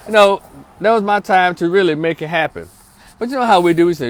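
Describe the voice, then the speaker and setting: A man's voice: on the high side, expressive, quick pace. A middle-aged man, a social worker telling a story in a casual, slangy way that turns into preaching. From North Memphis, Tennessee. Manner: slangy, streetwise, asks listeners for agreement.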